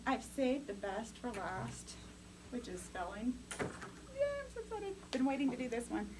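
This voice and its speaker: Woman, upbeat teacher, higher voice, faint background noise. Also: moderate pace. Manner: upbeat, coaching, calls on students. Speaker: teacher educator. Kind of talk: classroom lecture.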